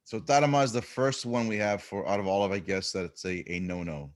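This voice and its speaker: Relaxed low-voiced male podcast host. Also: a little fast. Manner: asks scripted questions in a relaxed way. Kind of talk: casual interview.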